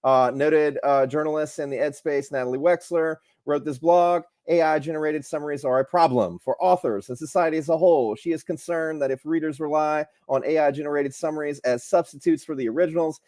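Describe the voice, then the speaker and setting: A man's voice: a little high, brisk, hardly any pauses, no room sound. Brief: male educator from Louisiana, casual friendly presenter, dry close recording. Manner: relaxed, friendly, many filler ums and uhs. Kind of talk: online workshop presentation.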